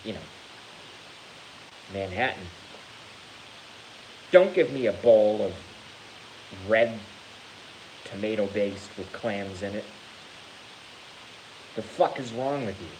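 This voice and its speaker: A man vlogging to his channel in a casual rant, animated and theatrical, swearing freely. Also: lowish voice, a little hiss or hum, low-quality recording. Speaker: YouTube vlogger.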